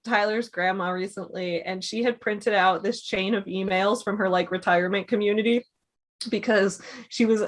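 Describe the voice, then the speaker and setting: A woman's voice: medium pitch, fairly even intonation, normal speed. A woman from the Midwest, guesting on a casual book review chat with playful asides. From Midwestern United States.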